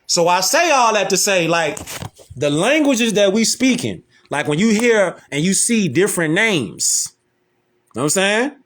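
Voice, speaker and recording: A man's voice: high-pitched, big pitch swings, measured pace, fairly bright tone. A man with a Chicago accent, talking casually and loosely in a slangy monologue and often repeating "you know what I'm saying.". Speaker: social media talker.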